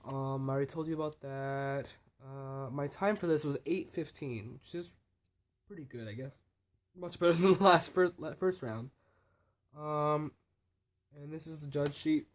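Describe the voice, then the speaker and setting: Teen guy, higher-pitched voice, casual rambling vlog chat, lots of fillers, trails off softly. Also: a little slow. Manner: rambling, full of restarts and fillers, trailing off quietly. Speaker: student speech competitor.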